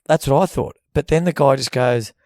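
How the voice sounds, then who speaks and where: A man's voice: mid-range voice, normal speed, darkish tone, no echo, clean studio sound. A young Australian man co-hosting a podcast, telling a long rambling story in casual chat, swearing freely and acting out the people in it. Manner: rambling, swears freely, acts out voices in his stories. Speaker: podcast co-host.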